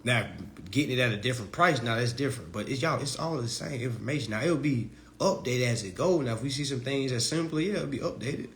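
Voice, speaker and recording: A man lectures his followers in a loose, slangy live-stream, his pitch leaping up and down as he mocks people in high voices. A faint hiss of noise sits under the whole recording. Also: animated, fast, few pauses, fairly bright tone. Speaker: online legal self-help teacher.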